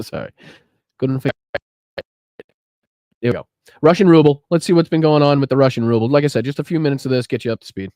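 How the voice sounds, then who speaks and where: A man's voice: medium pitch, animated, quick pace, long pauses, darkish tone, smooth, no echo. A man hosting a live political podcast, talking bluntly with lots of swearing, and often restarting his sentences as he works his screen. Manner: blunt and heavily profane; fumbles with restarts while working his screen. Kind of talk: casual live-streamed rant.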